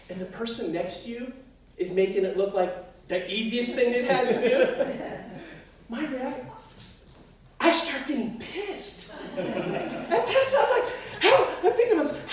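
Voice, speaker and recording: A man performing a personal story on stage at a live storytelling show, animated and self-mocking, swearing freely. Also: very high voice. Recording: echoey hall, voice from far off.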